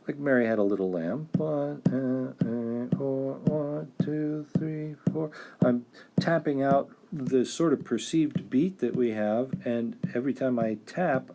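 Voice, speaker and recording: A man teaching music theory, explaining at an easy pace with many pauses and fillers, now and then singing and counting out rhythms. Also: mid-range voice, dark tone. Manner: hesitant, many "uh" fillers, sings and taps out rhythms. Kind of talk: relaxed classroom explanation.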